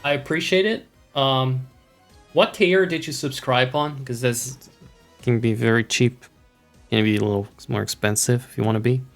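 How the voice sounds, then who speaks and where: A man's voice: medium pitch, fairly even intonation, normal speed, vocal fry, soft background music. Wry rambling man streaming a game. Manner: rambling, wry, swearing, mock-imperious. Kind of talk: casual gameplay chat with viewers.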